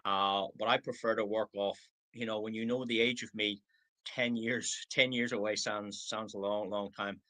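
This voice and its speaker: A man's voice: on the low side, steady tone, normal speed, pushed and bright, poor audio. A man in his sixties giving a motivational training talk over a video call, acting out replies in quoted voices. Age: 60s. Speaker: network marketing trainer.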